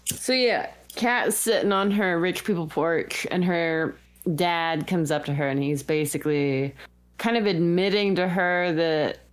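A woman co-hosting a casual podcast, recapping a film in a relaxed way and laughing often. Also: lowish voice, measured pace, smooth. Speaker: podcast co-host.

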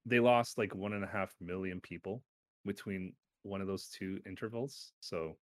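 A man co-hosting a casual chat about video games, rambling and correcting himself, with sudden animated bursts. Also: low-pitched, normal speed. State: has hiccups.

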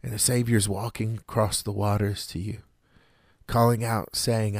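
A man delivers a sermon in an earnest, measured way, leaning on dramatic pauses. His voice sits on the low side. The sound is close and dry, with no room echo. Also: level tone. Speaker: preacher.

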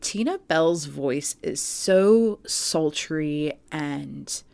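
A woman with a notably low voice tells a story on a podcast in a relaxed, chatty way, full of "like" and "um". The sound is close and dry, with no room around it. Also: extremely slow, vocal fry, dry recording. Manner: chatty storytelling with many fillers. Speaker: podcast co-host. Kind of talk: casual podcast chat.

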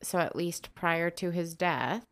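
A woman's voice: on the low side, slow pace. A woman co-hosting a podcast, narrating from her notes with dry asides to her co-host. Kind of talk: true crime podcast narration and chat.

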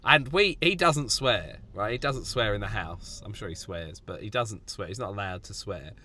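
A man co-hosting a podcast, teasing and firing quick questions in casual banter. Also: on the low side, pushed and bright, a little hiss or hum. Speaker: podcast co-host.

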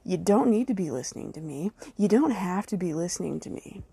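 A woman's voice: medium pitch, lively intonation, brisk, gravelly, few pauses, warm tone, slightly rough, dry recording. A woman hosting her own podcast, delivering a blunt, angry and heavily profane solo rant aimed straight at her critics. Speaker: podcast host.

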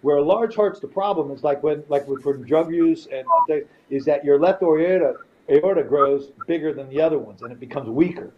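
Blunt, profane man with a slightly high voice. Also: moderate pace, hardly any pauses, highs cut off, slight background noise. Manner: profane, blunt, repeats himself while telling a story. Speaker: podcast guest, retired fighter. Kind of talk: casual storytelling.

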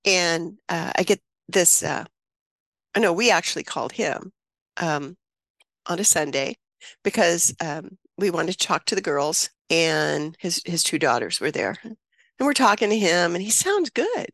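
A woman in her seventies, a guest on an interview show, recounting a personal story in an earnest, reflective way with frequent pauses and restarts. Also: on the low side, expressive, fairly bright tone, no room sound, clean studio sound. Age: 70s. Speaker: interview guest, birth mother and author.

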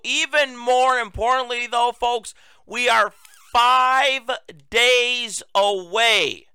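A man's voice: high voice, pushed and bright, smooth, no echo. A man hosting a political talk show, delivering a sarcastic, emphatic monologue.

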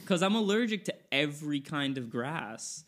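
A man's voice: fairly high pitch, sing-song, normal speed, fairly bright tone. A young man co-hosting a casual podcast, telling rambling stories with many restarts. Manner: rambling storyteller, repeats words. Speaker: podcast co-host.

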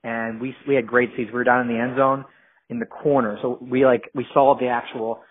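A man's voice: medium pitch, little pitch movement, brisk. A man from New Jersey, a guest in casual podcast chat, rambling with lots of fillers and restarts. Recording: narrow phone-like sound.

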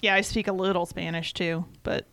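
A woman's voice: lowish voice, steady tone, a little fast, fairly bright tone, clean tone, no room sound. A woman from Michigan co-hosting a casual chat, explaining things at length. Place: North Carolina.

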